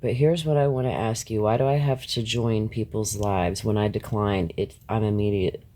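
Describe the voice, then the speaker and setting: A man's voice: on the low side, fairly even intonation, normal speed, dark tone. A man hosting a live stream, ranting bluntly and confrontationally at his viewers, swearing freely and laughing between points. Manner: talks back to chat, laughs between points.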